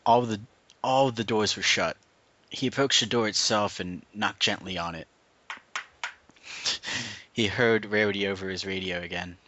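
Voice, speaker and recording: A man's voice: fairly low pitch, moderate pace, pauses often, pushed and bright, dull audio, slight background noise. A man casually reading a story aloud and adding asides. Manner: narrates plainly with laughs and asides. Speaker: reader, channel host.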